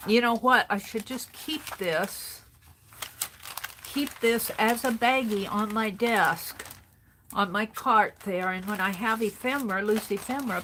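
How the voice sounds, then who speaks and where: A woman's voice: mid-range voice, unhurried, a bit bright, a little hiss or hum. A woman hosting a craft livestream, chatting casually and thinking aloud as she sorts supplies at her home craft desk, greeting viewers by name. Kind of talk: casual chat while sorting craft supplies.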